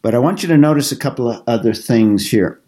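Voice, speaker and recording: A middle-aged man leads a Bible study class at an average, even pitch. He explains each point in a measured, methodical way, sometimes pausing to restart a phrase.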